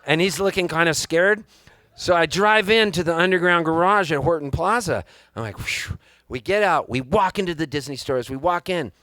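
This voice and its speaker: Excitable male storyteller onstage, dry sound. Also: fairly high pitch, normal speed, dry recording. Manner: animated, excitable storyteller who acts out the people he quotes. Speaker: singer-songwriter performing live. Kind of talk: storytelling between songs on stage. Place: live music venue.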